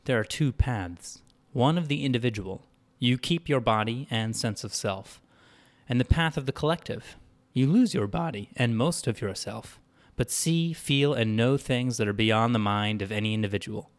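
A man doing a calm synthetic man. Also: mid-range voice, lightly acted. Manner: measured, formal replies. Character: calm synthetic man, unmoved and matter-of-fact.

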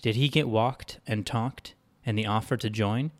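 A man's voice: fairly low pitch, unhurried, natural voice. A man voicing a determined woman spacefarer who asks pointed, pressing questions. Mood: questioning. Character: determined woman spacefarer, searching for her husband.

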